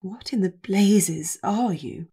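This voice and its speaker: A woman's voice: medium pitch, takes it slowly, mellow, breathy edge. A woman voicing a young male lord who speaks curtly and sardonically in an audiobook. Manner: curt, savage. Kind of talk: audiobook character voice.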